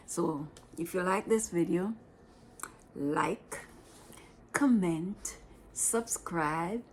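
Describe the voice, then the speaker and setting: A woman with a Jamaican accent telling her own life story in a personal vlog, plain-spoken and unhurried, often dropping into a breathy whisper. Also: fairly low pitch, slight background noise.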